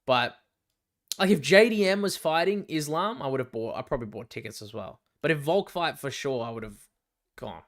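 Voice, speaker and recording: A young Australian man hosting a live fight watch-along, chatty and excitable, swearing freely as he reacts. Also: mid-range voice, moderate pace. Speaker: livestream fight companion host.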